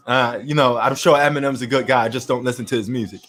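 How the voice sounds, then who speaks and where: A man's voice: mid-range voice, fast, hardly any pauses, a bit bright. A man from New York hosting a casual sports chat, ranting bluntly and opinionatedly in slangy talk.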